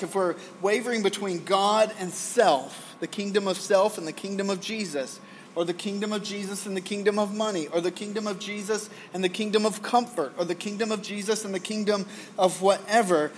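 A man in his forties preaching a sermon, conversational with folksy asides, loudly acting out screaming crowds in his story. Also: high-pitched, slight background noise. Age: 40s. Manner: animated, acts out the prophets' frantic screaming. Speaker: pastor.

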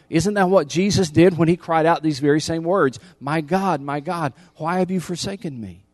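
A man preaching a sermon as pastor, emphatic, repeating key lines and swinging from loud appeals to hushed intensity. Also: fairly high pitch, no room sound.

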